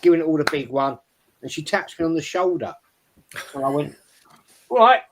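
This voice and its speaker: Give me a man in his sixties with a slightly high voice, telling a rambling football story full of swearing and "right?". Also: a little fast, a little mellow. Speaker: podcast panelist, Arsenal fan. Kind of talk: casual football chat, storytelling.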